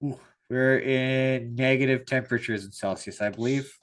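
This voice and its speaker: A man's voice: mid-range voice, steady tone, normal speed. A man from Canada co-hosting a podcast in casual chat, easygoing and agreeable. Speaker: podcast co-host.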